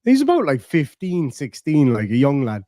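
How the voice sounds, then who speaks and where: A man hosts a livestream in easy, profane chat, reading out donations and spinning jokey stories. His voice sits a bit high for a man and sounds dry and close to the mic. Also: wildly swooping pitch, normal speed, warm tone, no echo. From Ireland. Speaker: livestream host.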